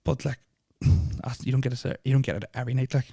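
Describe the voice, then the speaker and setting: Young guy, podcast host, fast, flat-toned, rambling and uneasy, dry close sound. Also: medium pitch, gravelly, slightly rough, dry recording. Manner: rambling, full of "like" fillers, restarts and swearing; nervous, uneasy retelling. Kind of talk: casual storytelling of personal experiences.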